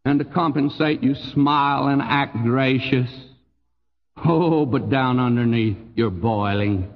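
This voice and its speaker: Folksy Texan preacher, slow and emphatic. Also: male voice, big-room sound, dull audio. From Texas. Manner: folksy, emphatic, swoops high on key phrases and drops low. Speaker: pastor. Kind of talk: sermon.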